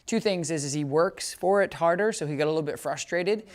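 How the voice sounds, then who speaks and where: A man's voice: fairly high pitch, a little fast. Chatty male dog trainer. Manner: chatty, keeps checking understanding; bright, upbeat praise commands to the dog. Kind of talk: casual hands-on training demo.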